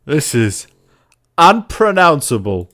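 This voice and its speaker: A man's voice: on the high side, very animated, takes it slowly, a bit bright. A man co-hosting a casual live stream, talking to himself playfully while working at a computer. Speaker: co-host of a tabletop wargaming stream.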